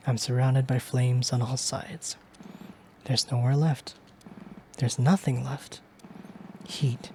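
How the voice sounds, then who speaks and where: A streamer reading game text aloud in character as a panicked young woman trapped in a burning building, stammering and crying out. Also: a little hiss or hum. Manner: frantic, stammering, breaking into high shouts and whispers.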